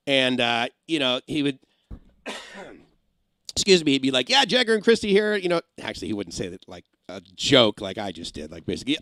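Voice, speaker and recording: A middle-aged man who used to be a radio engineer, chatting casually on a livestream, rambling through stories and slipping into quick comic impressions. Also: mid-range voice, fairly bright tone, no echo. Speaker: live streamer and former radio engineer. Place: home in Massachusetts.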